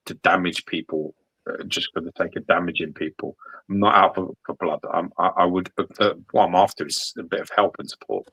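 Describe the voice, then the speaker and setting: A man with a low, husky voice holds forth on a casual podcast. He gets animated, swears freely and acts out other people's lines. The sound is close and dry, with no room echo. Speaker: host. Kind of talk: casual chat.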